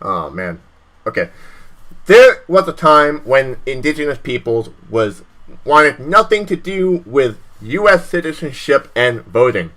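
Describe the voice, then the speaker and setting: A man's voice: mid-range voice, very animated, unhurried, fairly bright tone, low-quality recording. A young man hosting a stream, ranting in a profane, repetitive way and reading aloud, stumbling over hard words. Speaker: stream host. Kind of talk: heated political rant and reading aloud.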